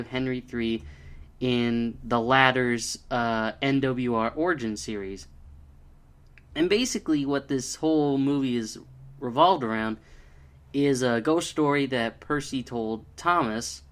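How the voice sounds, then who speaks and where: A man's voice: mid-range voice, fairly bright tone, clean tone. A man giving a casual spoken review, hesitant, with frequent ums and restarts. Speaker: video reviewer.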